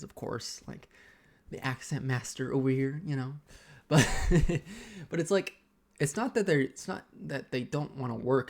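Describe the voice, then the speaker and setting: In a casual vlog, a young man rants about personal matters in a mid-range voice, stumbling along and starting his sentences over again and again.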